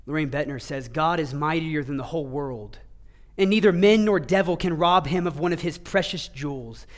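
A male pastor preaching a sermon, earnest, rising to emphatic passages and dropping to hushed low ones. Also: normal speed.

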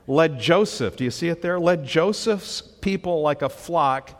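A man's voice: expressive, unhurried. Emphatic preaching man in a reverberant hall. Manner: emphatic preaching, rising on pleas and dropping low for asides. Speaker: pastor. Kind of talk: sermon.

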